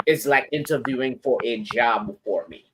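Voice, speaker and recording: A man's voice: medium pitch, moderate pace, a bit bright, a little hiss or hum. A man co-hosting a casual panel chat, emphatic and steering the questions. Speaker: co-host.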